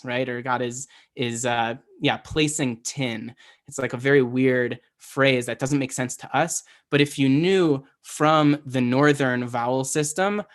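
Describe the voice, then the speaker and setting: This Hebrew teacher has a mid-range, slightly bright voice. He gives a relaxed, conversational lesson, frequently checking in with "right?" and correcting himself by starting sentences over.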